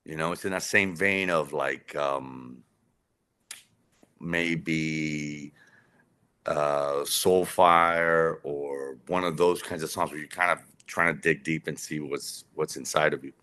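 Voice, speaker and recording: A man's voice: rumbling low, steady tone, slow pace, bright, forceful tone, smooth. A man, a documentary director, telling a rambling story in an interview with lots of fillers and restarts. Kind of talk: casual conversational storytelling.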